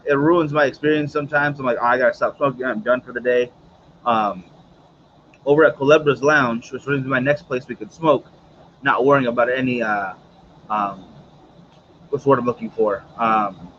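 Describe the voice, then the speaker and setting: A man's voice: mid-range voice, normal speed, pauses often, fairly bright tone, muffled recording, a little hiss or hum. A man hosting a casual cigar livestream, chatty and rambling, with many fillers and asides to his viewers. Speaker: host of a cigar morning show.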